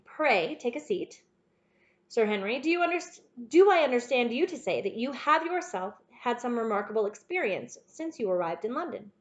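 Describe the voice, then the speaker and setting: A sharp, self-assured detective, as a woman reader does him, precise and unhurried in his reasoning. The voice is fairly high and slightly muffled on a dull recording. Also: very animated. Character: keen, confident male detective, brisk and precise.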